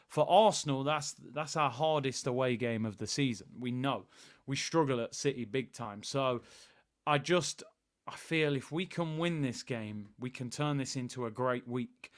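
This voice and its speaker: A man hosting a live football watchalong, chatting excitedly with viewers. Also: medium pitch. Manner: excitable, hyping up the live chat.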